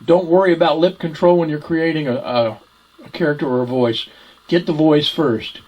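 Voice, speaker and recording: A man's voice: a little high, fairly even intonation, normal speed, a little mellow, poor audio. A man teaching ventriloquism in a folksy, repetitive way, demonstrating voice types. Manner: folksy, repeats himself while explaining. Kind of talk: instructional demonstration.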